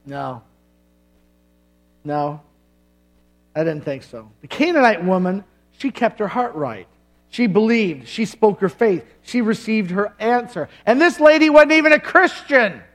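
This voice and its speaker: Male pastor, middle-aged, very high voice, punchy sermon delivery with jokes and long pauses. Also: lively intonation. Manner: emphatic preaching with dramatic pauses and humor.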